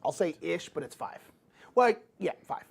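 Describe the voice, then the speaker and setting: A man's voice: fairly high pitch, expressive, normal speed, gravelly, background noise. A man co-hosting a board game session, chatting in a rambling, playfully sarcastic way between moves. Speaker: board game show co-host. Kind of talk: casual chat while playing a board game.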